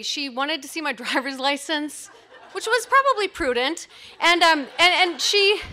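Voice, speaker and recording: A middle-aged woman tells a personal story before a live audience, her voice high and bright. She rambles cheerfully, pokes fun at herself, and leans on fillers like "um" and "you know.". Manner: chatty, self-mocking, many fillers like "um" and "you know".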